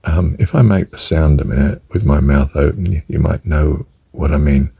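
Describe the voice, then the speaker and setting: An older man teaching a breathing exercise, soft-spoken and slipping into whispered counts. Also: extremely low pitch, moderate pace, vocal fry, slightly rough, no room sound. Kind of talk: spoken meditation instruction.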